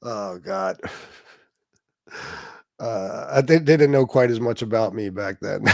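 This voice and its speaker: A man's voice: lowish voice, sing-song, slow, vocal fry, a little mellow. A man hosts a loose, casual livestream and tells a story about a past clash. He talks crudely, laughs often, and mocks the other person with relish. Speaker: livestream host.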